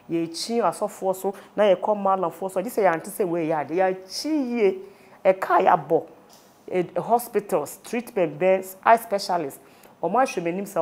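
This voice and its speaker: A woman's voice: lowish voice, darkish tone. A woman with a Ghanaian accent, a guest earnestly recounting a personal ordeal, switching between languages. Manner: earnest, rapid mix of Twi and English. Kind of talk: personal testimony.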